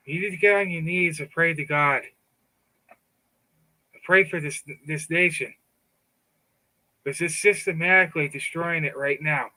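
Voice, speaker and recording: A middle-aged man speaks in a fired-up, taunting monologue, with a bright, forceful, cutting edge to his voice that sits a little high. He stumbles and repeats words as he pushes on. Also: a little slow, pauses often, poor audio. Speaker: political commentator. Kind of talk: casual monologue.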